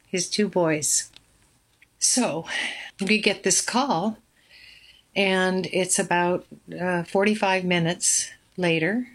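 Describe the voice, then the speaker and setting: An older woman, a grandmother, slowly telling a painful family story, halting and earnest with many fillers. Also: mid-range voice, a bit bright. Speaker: guest. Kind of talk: personal storytelling.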